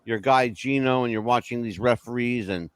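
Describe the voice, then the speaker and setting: A man's voice: mid-range voice, moderate pace, clear, resonant tone, dry recording. A man hosting a talk show, asking rambling questions and joking in a folksy way. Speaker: host. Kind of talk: casual talk interview.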